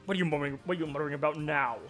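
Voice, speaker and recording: A man's voice: a little high, steady tone, rapid-fire, fairly bright tone, soft background music, close to an everyday voice. A man voicing a haughty, arrogant male researcher who opposes the investigation, speaking in a condescending, scoffing way while reading game dialogue aloud. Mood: scornful.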